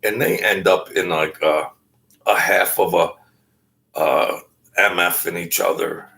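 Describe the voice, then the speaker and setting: A low, gravelly man speaks at an unhurried pace. He tells a story casually and haltingly, full of fillers and restarts, and slips into the voices of the people he quotes. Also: sharp tone. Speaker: guest telling a story.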